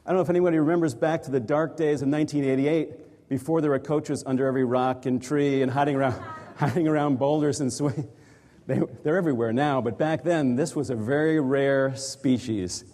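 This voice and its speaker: A man speaks to a live crowd in a large hall, his voice dark and mellow as long reverb trails after each phrase. He tells his story in a reflective, conversational way, the easy manner of an executive coach. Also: mid-range voice, fairly even intonation, fairly quick. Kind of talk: storytelling talk to a live audience.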